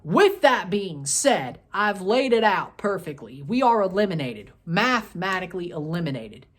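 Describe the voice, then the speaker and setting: A man's voice: very animated, normal speed. Fired-up male soccer fan ranting. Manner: repetitive, scolding, swings between loud outbursts and low grumbles. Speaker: soccer fan video host. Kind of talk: post-match review rant.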